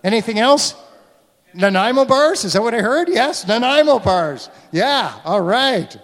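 A man with a high, light voice preaches to a congregation in a church. His words carry a long reverb from the large hall around him. He talks in an easy, conversational way and draws answers from the room. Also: sing-song, measured pace, fairly bright tone. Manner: conversational, asks the congregation questions. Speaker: guest preacher. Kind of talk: sermon. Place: church sanctuary.

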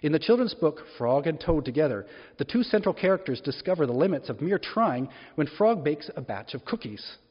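A man's voice: on the high side, big pitch swings, fairly quick, husky. A man preaching a sermon in a church, talking in a conversational way and asking the congregation questions as he goes. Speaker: pastor. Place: church hall. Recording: echoey hall, dull lo-fi sound.

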